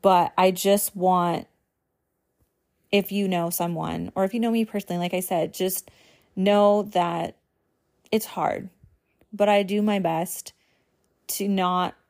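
A young woman talks straight to her viewers in a loose, heartfelt way, sprinkling "like" through her sentences. Her voice sits a little on the low side for a woman. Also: a little mellow. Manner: casual, earnest, filler-heavy with frequent "like". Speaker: host. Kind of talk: personal talk to camera.

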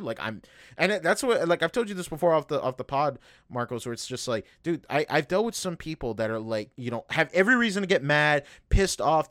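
A man's voice: fairly high pitch, fairly bright tone, no room sound, clean studio sound. A young man hosting a podcast, talking in a rambling, profane way with lots of fillers as he vents about his work. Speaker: podcast host. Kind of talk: casual podcast chat.

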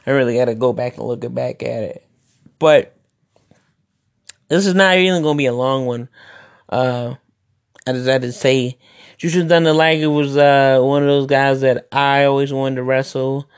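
A man talking through a casual podcast monologue in a gravelly, mid-pitched voice. He rambles and keeps restarting his sentences while sharing his opinions. The sound is dry and close, with no room to it. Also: steady tone, normal speed, pauses often, dry recording. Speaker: podcast host and wrestler.

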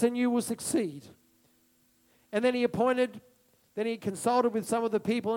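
A male preacher with a very high voice delivers an impassioned sermon. He repeats key phrases for emphasis and moves from soft asides to ringing declarations.

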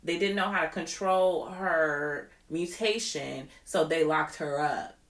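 A woman's voice: deep voice, takes it slowly, echoey room. A woman co-hosting a podcast, chatting casually and with strong opinions. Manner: animated, opinionated, quotes others. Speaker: podcast co-host. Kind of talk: casual chat.

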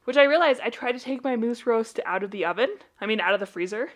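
A woman co-hosting a laid-back podcast, talking straight to listeners and giggling often. Her voice jumps up and down, and it sits a bit high. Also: expressive, fast. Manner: giggly, talks to listeners directly. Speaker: podcast co-host. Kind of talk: casual chat.

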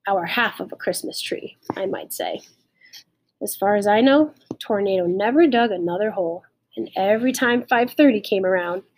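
Steady woman reading an audiobook. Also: mid-range voice. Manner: steady, measured storytelling. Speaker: audiobook narrator. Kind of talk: audiobook narration.

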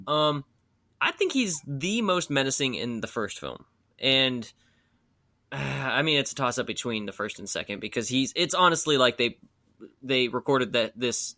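A man co-hosting a podcast, chatting casually about horror films in an animated way and laughing often. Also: mid-range voice, no room sound, clean studio sound. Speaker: podcast co-host. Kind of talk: casual film chat.

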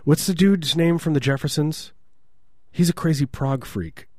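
A man's voice: on the high side, unhurried. A man co-hosting a podcast, rambling through jokes and tall stories in casual banter. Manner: rambling, jokey, deadpan exaggeration. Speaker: podcast co-host.

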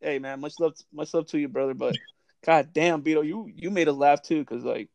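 A man's voice: on the high side, fairly quick, creaky, darkish tone. A young man hosting a casual chat, telling old service stories, swearing freely and laughing often. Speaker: podcast host.

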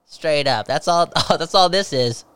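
A man's voice: fairly high pitch, expressive, a little slow, fairly bright tone, clean tone. A laid-back man co-hosting a podcast in casual chat, swearing often and talking in slang. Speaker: podcast co-host.

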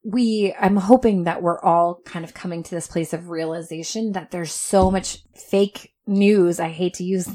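A woman's voice: on the low side, steady tone, unhurried, hardly any pauses, mellow. A woman in her thirties co-hosting a podcast, telling a story with lots of laughter and quoted asides. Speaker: podcast co-host. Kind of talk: casual chat.

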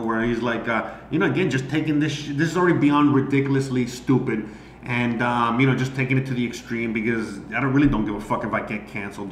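A man's voice: medium pitch, a bit bright. A man, an amateur comedian streaming, ranting casually and profanely and rambling with many fillers. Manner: rambling, heavy on "you know" fillers. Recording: roomy echo, faint background noise.

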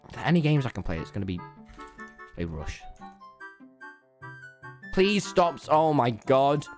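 A young male gaming streamer with a medium-pitched, unhurried voice spins a jokey story while playing. He's animated and acts out every voice himself, with faint game music in the background.

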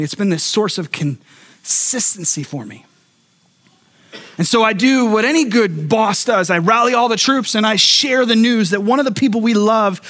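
A middle-aged male pastor preaching a sermon, telling a personal story with acted-out quotes and stumbling restarts. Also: high voice. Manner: animated storyteller who acts out quotes and repeats words.

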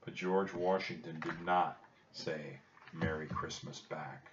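A man narrating a children's storybook in a calm, measured reading. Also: extremely low pitch, distant mic, highs cut off, background noise.

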